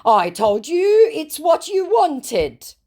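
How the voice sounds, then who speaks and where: Woman playing a slow, stilted young scammer. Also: high-pitched, very animated, darkish tone, pitched above the performer's own voice, heavily acted. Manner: slow, stilted, overly formal phrasing. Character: young male online scammer posing as a celebrity, evasive.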